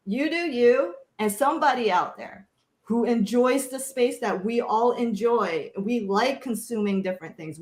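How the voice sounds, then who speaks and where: A woman filmmaker on a panel, ranting with passion, blunt, sassy and swearing heavily. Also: mid-range voice. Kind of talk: impassioned rant in a panel chat. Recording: echoey room.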